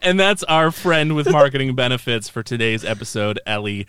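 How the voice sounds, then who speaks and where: A man's voice: medium pitch, fairly even intonation, normal speed, very noisy. A man hosting a podcast, reading plugs and steering the chat back to topic. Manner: easygoing, reads plugs then steers the talk back. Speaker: podcast host. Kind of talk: casual chat and show announcements.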